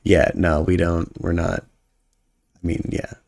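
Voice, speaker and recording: A young man with a low, gravelly voice runs a live stream in loose, profane, joking banter. He hypes up his viewers and riffs casually on their comments. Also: little pitch movement, slow, darkish tone.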